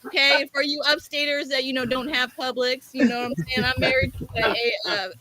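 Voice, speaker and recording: Woman co-host, high bright voice, animated and profane storyteller on a call mic. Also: fairly quick, no room sound. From American South. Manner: animated, profane, acts out both sides of stories. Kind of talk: casual storytelling chat.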